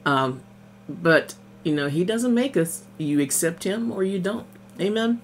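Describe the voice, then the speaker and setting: A woman minister shares a casual devotional with her morning coffee, reading Bible passages, putting them in everyday words, and saying amen and hallelujah often. She speaks at a measured pace in a lowish, animated voice, with slight background noise.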